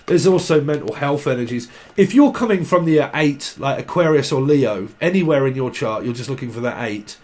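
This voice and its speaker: A man's voice: medium pitch, a little mellow. A man giving a casual tarot reading to camera. He rambles, laughs often and drifts into snatches of song. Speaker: tarot reader.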